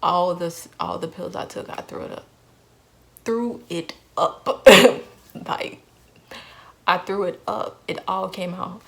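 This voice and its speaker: A woman's voice: on the low side, level tone, measured pace, gravelly. A young woman vlogger telling a painful personal story in an earnest way, repeating phrases for emphasis.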